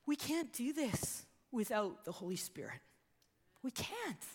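High-voiced woman preaching in a hall. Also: a little slow, breathy edge. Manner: animated storytelling, acts out quoted voices. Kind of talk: sermon. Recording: long reverb of a hall.

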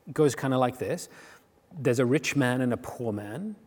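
A male preacher talks through a story in a loose, conversational sermon, stopping and restarting as he goes. His voice sits at an ordinary pitch. A long reverb trails after each phrase, as in a big hall. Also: normal speed. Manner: conversational, animated retelling with frequent restarts.

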